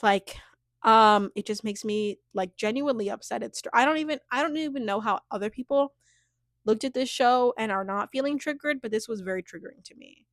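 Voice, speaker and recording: A young woman talks a little fast in a fairly high voice, giving a chatty reality-show recap on her vlog. Expect lots of filler words and frequent laughs. The audio is clean and echo-free, studio quality.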